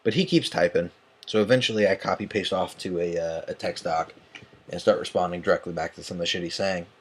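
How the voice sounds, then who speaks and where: Young male vlogger, low-pitched, tired and agitated, swearing through a late-night rant. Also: steady tone, quick pace, breathy edge. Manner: agitated, profane, tired and yawning. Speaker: online tournament host. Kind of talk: ranting vlog.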